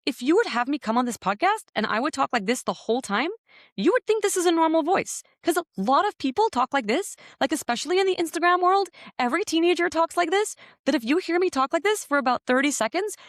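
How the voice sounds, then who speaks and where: A woman putting on the high, tight, climbing voice of an anxious young woman to show how shallow breathing sounds. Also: animated, a little fast, no room sound, studio quality. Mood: tense.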